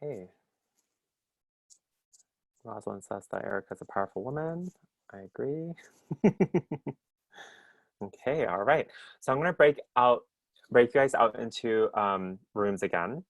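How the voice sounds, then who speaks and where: A man's voice: medium pitch, expressive, a little slow, vocal fry, long pauses, no echo. A man leading an interactive online workshop over a video call, upbeat and chatty, often checking in with the group. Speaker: workshop presenter.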